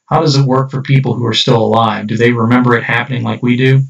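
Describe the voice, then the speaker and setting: Uneasy dead writer read by a man: flat voice, muffled distant sound. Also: medium pitch, quick pace, lightly acted. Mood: curious. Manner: plain read-aloud dialogue. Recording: dull distant lo-fi recording.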